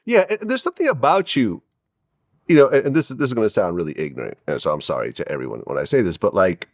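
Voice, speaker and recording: A man's voice: lowish voice, big pitch swings, fast. A man hosting an interview who speaks with hedges and apologies, searching for the right words as he raises a point. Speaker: interview host. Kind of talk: interview conversation.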